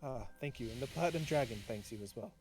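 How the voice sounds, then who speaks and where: A man's voice: medium pitch, expressive, fast, music in the background, close to an everyday voice. A man voicing a courteous elven healer woman. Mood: polite. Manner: formal, courteous. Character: polite elven woman healer, calm and formal.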